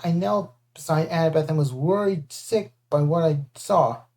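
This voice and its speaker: A first-person audiobook reading, lively and shifting into character voices. The timbre sits dark and mellow at a middle pitch. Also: moderate pace. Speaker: audiobook narrator.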